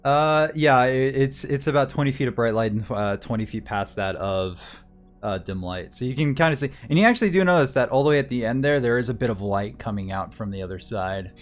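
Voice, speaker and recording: A man's voice: mid-range voice, lively intonation, brisk, soft background music. A man narrating as game master in a tabletop game, casual and chatty, laughing often.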